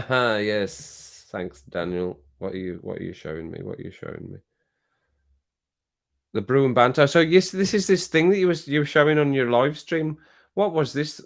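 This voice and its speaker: A man's voice: mid-range voice, animated, normal speed, vocal fry. Guy rambling on his live stream, reading out chat and laughing a lot. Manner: chatty, reads viewer comments aloud, laughs often. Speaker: music reaction streamer.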